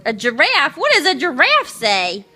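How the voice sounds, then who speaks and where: A woman's voice: high-pitched, wildly swooping pitch, unhurried. Playful mother quizzing her toddler. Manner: playful, coaxing, repeating questions. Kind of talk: casual home video, quizzing a toddler.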